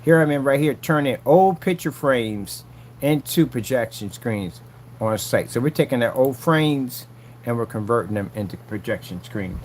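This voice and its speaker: Boastful man with a lively voice. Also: medium pitch, normal speed, a little hiss or hum. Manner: taunting, boastful, repeats himself. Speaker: vlogger selling projection screen paint. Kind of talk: casual on-site vlog.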